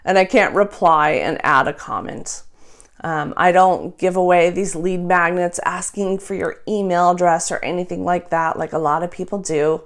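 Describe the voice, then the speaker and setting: A young adult woman and nurse, calmly teaching a gentle sleep routine in a soft voice, speaking close to a microphone. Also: on the low side, normal speed. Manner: calm, soft-spoken, drops to a whisper in breathing exercise.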